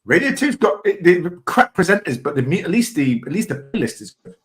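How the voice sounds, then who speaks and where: A man's voice: fairly high pitch, sing-song, fairly quick. A man hosting a casual online quiz, rambling and teasing his panel. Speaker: quiz show host.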